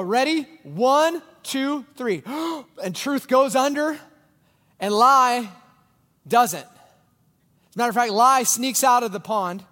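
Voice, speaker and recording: High-voiced animated male preacher. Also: in a large hall. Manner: animated storytelling, drops to quiet intensity. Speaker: pastor. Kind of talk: sermon.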